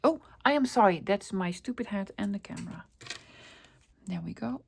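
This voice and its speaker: A middle-aged woman hosts a casual crafting video in a relaxed, running chatter. She talks to herself as she works, asks and answers her own questions, and breaks into easy laughs. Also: mid-range voice, normal speed, creaky, noisy background. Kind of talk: casual crafting tutorial chat.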